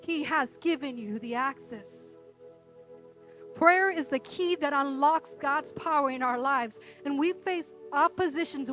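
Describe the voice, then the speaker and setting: A woman pastor preaching a sermon, emphatic, swinging from bold declarations down to a quiet hush. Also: sits high.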